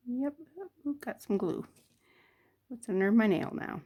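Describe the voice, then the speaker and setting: A woman's voice: a little high, animated, measured pace, long pauses, breathy edge, muffled recording. An older woman chatting casually as she works on jewelry, muttering to herself between remarks. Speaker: jewelry crafter. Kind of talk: casual crafting chat.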